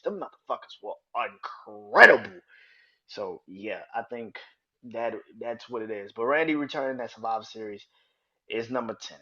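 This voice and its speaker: Man hosting a solo podcast, mid-pitched, profane and rambling, dull lo-fi mic. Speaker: podcast host. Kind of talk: casual wrestling commentary.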